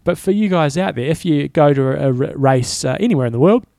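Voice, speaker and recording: A man co-hosting a casual podcast, rambling in a relaxed way with frequent restarts. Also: a little high, fast, gravelly, dry recording, clean studio sound. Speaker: podcast co-host. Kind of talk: casual chat.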